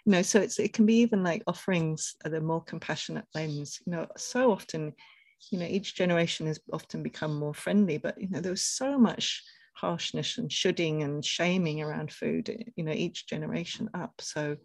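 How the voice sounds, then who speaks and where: Expressive woman co-hosting a podcast. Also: low voice, normal speed, no room sound. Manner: expressive, laughs between thoughts. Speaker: podcast co-host. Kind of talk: conversational podcast discussion.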